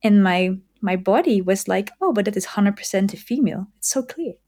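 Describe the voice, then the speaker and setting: A woman hosting a podcast, talking casually and reflectively, often pausing to search for words. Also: medium pitch, animated, mellow. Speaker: podcast host. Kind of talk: casual conversation.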